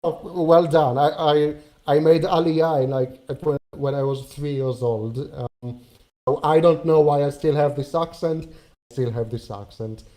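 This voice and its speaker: A young man with a German accent calls in to a live stream. He speaks hesitantly, searching for words. His voice has a mellow, warm tone. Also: fairly high pitch, unhurried, low-quality recording. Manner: hesitant, many fillers and restarts. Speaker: caller. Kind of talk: casual call-in chat.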